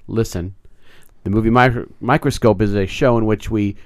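A man's voice: on the low side, steady tone, normal speed, no echo, studio quality. Crude, joking middle-aged male podcast host. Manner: crude, joking, rambling with restarts. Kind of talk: casual comedic chat.

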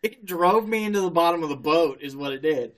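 A man's voice: fairly high pitch, lively intonation, fairly quick, fairly bright tone. Profane, laughing male storyteller. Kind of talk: casual chat.

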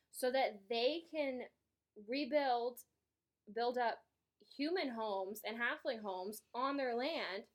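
A woman co-hosting a podcast, casually recapping a story in a rambling way, a little tipsy and slurring. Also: high-pitched. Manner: rambling, laughs often. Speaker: podcast co-host.

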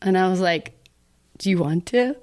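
A young woman from Texas with a fairly low voice tells a story to a podcast host in a loose, chatty way. She laughs often and slips into little voiced-out versions of her younger self. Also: moderate pace, a little mellow. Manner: chatty, laughing often, acts out her own past words. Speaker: podcast guest. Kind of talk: casual storytelling interview.

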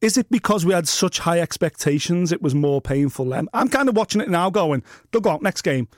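A blunt man chats quickly on a podcast, swearing freely with a dry sense of humor. His voice sits a bit high for a man and is recorded close and dry in a studio. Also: lively intonation, dry recording. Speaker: podcast co-host. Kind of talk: casual sports chat.

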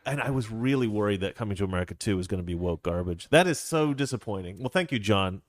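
Animated, laughing man rambling on a livestream. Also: fairly low pitch, quick pace. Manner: animated, rambling storyteller who laughs often. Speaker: livestream host. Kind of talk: casual chat reading viewer comments.

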